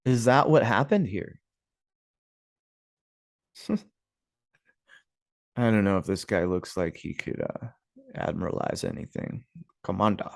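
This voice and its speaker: A man's voice: fairly low pitch, big pitch swings, unhurried, creaky, pauses often, no echo, clean studio sound. A man casually commenting on old images and clippings, musing aloud, with sarcastic asides and frequent chuckles. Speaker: history video host.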